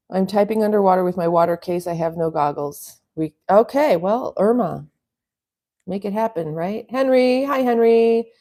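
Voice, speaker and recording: A woman's voice: mid-range voice, unhurried, long pauses, dark tone. A middle-aged woman from the US West Coast hosting a casual live stream, rambling chattily and reading out viewer comments. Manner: rambling, chatty, laughs often. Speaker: livestream host reading chat.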